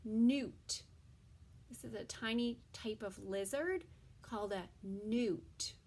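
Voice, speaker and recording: Slow, breathy preschool teacher woman. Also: fairly high pitch. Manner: slow, drawn-out words, often drops to a soft whisper. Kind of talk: toddler circle-time lesson.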